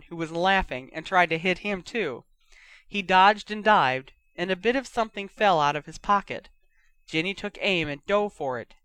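Brief: bright, smooth-toned fan fiction reader, dry close mic, lively character voices. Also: mid-range voice, no room sound. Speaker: audiobook reader. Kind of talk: fan fiction read aloud.

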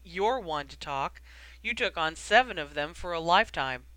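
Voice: mid-range voice, animated, moderate pace, pushed and bright, no room sound, low-quality recording. An audiobook reader voicing an anguished, guilt-ridden grown wizard given to bitter, self-reproaching outbursts. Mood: teasing.

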